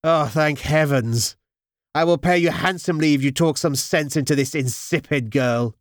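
A man's voice: on the high side, normal speed, no echo, studio quality, lightly acted. A man voicing an irritated older nobleman, an exasperated father, in an audiobook. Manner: aggravated, irritable.

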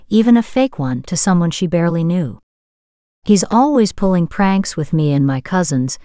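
A woman narrating a romance novel as an audiobook, in a smooth, steady storytelling manner. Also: on the low side, no echo, studio quality.

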